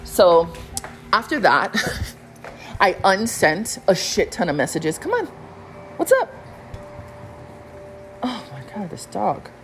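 A woman's voice: mid-range voice, sing-song, slow, long pauses, faint music behind. A woman hosting her own podcast, telling a story in a blunt, profane, casual monologue from home. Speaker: podcast host.

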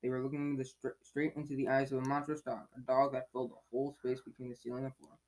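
A man's voice: medium pitch, little pitch movement, fast talker, a little mellow, rough recording. A man reading a novel aloud in a casual way, stumbling, correcting himself and breaking off into chatty asides. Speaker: reader.

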